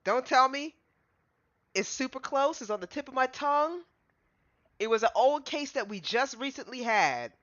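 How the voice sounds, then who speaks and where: Chatty woman streamer, lively pitch. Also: normal speed. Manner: chatty, repeats herself, playful teasing. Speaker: streamer playing a game. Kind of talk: casual gameplay commentary, reading dialogue aloud. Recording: muffled lo-fi with clear background noise.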